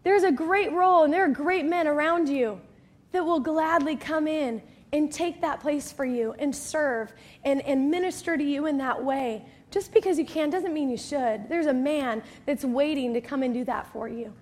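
A woman's voice: sits high, moderate pace, a little mellow. A woman pastor giving a chatty, emphatic sermon, often checking in with the crowd and acting out little scenes. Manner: acts out quoted people in story.

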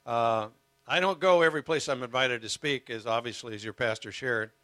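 A man's voice: medium pitch, a little fast, fairly bright tone, no room sound. An older man preaching as a guest speaker, earnest and emotional, telling his story with humor. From United States. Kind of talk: sermon.

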